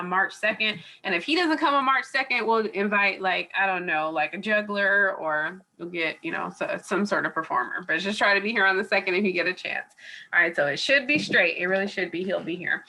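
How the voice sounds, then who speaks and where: A medium-pitched woman speaks fairly quickly in a bright, forceful tone. She's a college instructor leading an online class review on a video call from a home or office, captured by a computer mic. Her delivery is chatty and digressive, loaded with fillers.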